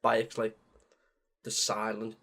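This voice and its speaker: A young man co-hosting a podcast, chatting about games in a lively way, laughing often and cutting in mid-sentence. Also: lowish voice, slow. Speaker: podcast co-host. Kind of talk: casual chat about video games.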